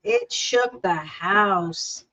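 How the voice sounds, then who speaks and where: Speaking very slowly in a medium pitch, this woman runs a laid-back craft livestream, chatty and rambling, frequently cutting herself off mid-sentence. The recording is rough, with crowd noise.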